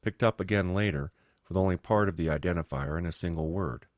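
Male audiobook narrator, very deep, steady read. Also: fairly quick, dry recording, clean studio sound. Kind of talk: scripted narration.

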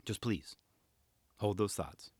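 A man putting on a teary filmmaker who whispers low, hushed pleas. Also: slow, no echo, studio quality. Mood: pleading.

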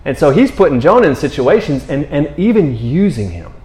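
A man's voice: fairly high pitch, very animated, brisk, darkish tone. A man teaching from the Bible in an earnest, rambling conversational sermon, repeating words and often checking in with his listeners. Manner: earnest, rambling, repeats words, often asks "you know what I mean?". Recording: roomy echo.

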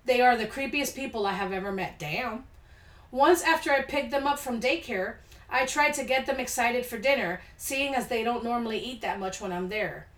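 Higher-pitched woman podcaster in echoey room. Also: moderate pace, a bit bright. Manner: laid-back, reacts with blunt asides. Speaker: podcast host. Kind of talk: casual chat reading listener stories aloud. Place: home studio room.

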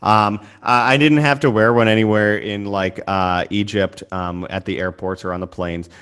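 A man hosting a talk show, speaking in a forceful, preachy way and swearing at times. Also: fairly low pitch, fairly even intonation, moderate pace, clean tone. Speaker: show host. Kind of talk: impassioned commentary.

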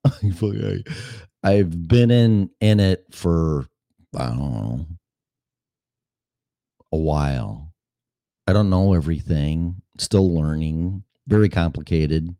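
A man's voice: deep voice, slow pace, pauses often, warm tone, dry recording, clean studio sound. A man in his fifties hosting a show, talking in a rambling, profane, blunt way. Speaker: podcast host. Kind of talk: casual monologue.

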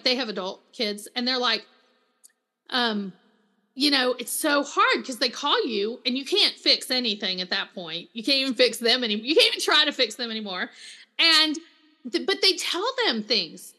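A middle-aged woman with a high, bright voice talks through her work as a counselor in a casual interview. She is chatty and animated and slips into quoted voices as she tells stories. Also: normal speed. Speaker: Christian counselor and author, guest.

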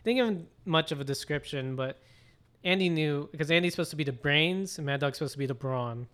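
A man's voice: on the high side, fast, fairly bright tone, clear, resonant tone. A man hosting a podcast, casually retelling a film scene with lots of "like" and swearing. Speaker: podcast host. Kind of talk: casual chat.

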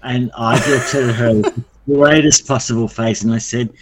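A man being interviewed, telling dark jokes at his own expense with many restarts and fillers. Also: medium pitch, fairly even intonation, moderate pace, low-quality recording. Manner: darkly joking and self-mocking. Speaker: interview guest. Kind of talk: casual conversation.

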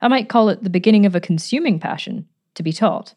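A woman reading a storybook, voicing a charming, playful gentleman who speaks in a breezy, teasing, pleasant way. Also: mid-range voice, expressive, quick pace, natural voice. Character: charming, playful gentleman adventurer, adult man.

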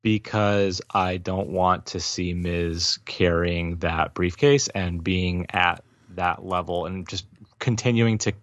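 Low-voiced guy on a wrestling podcast, blunt takes, dry dull-sounding mic. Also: fairly bright tone, no room sound. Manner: blunt, opinionated and dismissive. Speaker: wrestling show co-host. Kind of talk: casual podcast chat.

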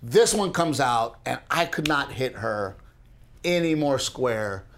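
A man co-hosting a casual podcast, telling a story in an animated way, speeding up when excited and restarting his sentences often. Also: mid-range voice, takes it slowly, slight background noise. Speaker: podcast co-host.

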